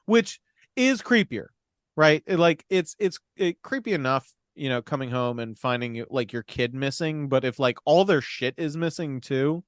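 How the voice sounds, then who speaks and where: A man's voice: mid-range voice, moderate pace, clean tone, no room sound, studio quality. A man casually retelling a movie's plot on a podcast, acting out characters' lines with profanity and frequent laughs. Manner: animated, profane, laughs often. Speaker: podcast co-host recapping a film.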